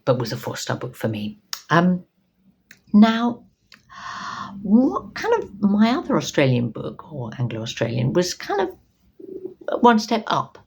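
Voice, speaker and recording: A woman's voice: a bass voice, a little mellow, a little hiss or hum. A woman reviewing books in a casual, rambling chat, full of ums and restarts. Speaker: book reviewer.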